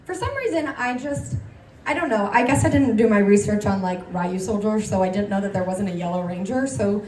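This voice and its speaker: A woman telling an animated, giggly story as a guest on a convention panel. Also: mid-range voice, fairly quick. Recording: roomy hall, distant mic, noisy.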